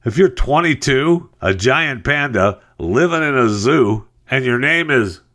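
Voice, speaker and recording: A male talk show host giving sarcastic, exasperated commentary on the news, jumping between a high mocking tone and a low grumble. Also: animated, measured pace, fairly bright tone.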